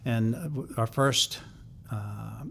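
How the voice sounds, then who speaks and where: A man's voice: mid-range voice, steady tone, slow, vocal fry, fairly bright tone, a little hiss or hum. A man in his sixties from North Carolina, a songwriter and publisher telling stories in an interview, rambling with many fillers and chuckles. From North Carolina, USA. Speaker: guest songwriter and music publisher. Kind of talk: anecdotal storytelling in an interview.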